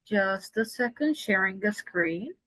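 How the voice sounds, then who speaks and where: A woman's voice: mid-range voice, expressive, slow, a crowd in the background. A woman teaching English in a video-call conversation lesson, patient and encouraging.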